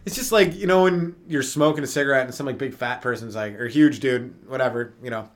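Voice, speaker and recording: A man's voice: mid-range voice, a little fast. A young man hosting a comedy podcast, rambling through profane bits and slipping into mock voices. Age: young adult. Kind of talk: rambling stand-up style monologue.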